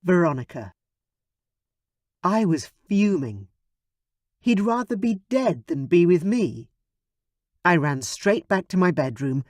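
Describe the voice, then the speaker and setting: A man narrating a first-person paranormal romance audiobook in a slow, steady way. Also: a little high, dry recording, clean studio sound.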